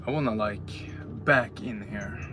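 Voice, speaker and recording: A man's voice: lowish voice, unhurried, background noise. A man chatting and joking with his viewers on a live stream while he drives and then shops, recorded on a handheld phone. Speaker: livestreamer. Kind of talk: casual live-stream chat. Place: car, then inside a large grocery store. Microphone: phone held in hand.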